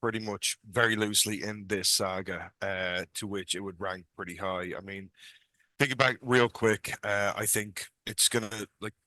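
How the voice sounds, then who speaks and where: Podcast co-host, man, lowish bright voice, dry close sound, opinionated and keen. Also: steady tone, normal speed, dry recording. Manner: opinionated, enthusiastic film talk. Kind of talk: casual chat.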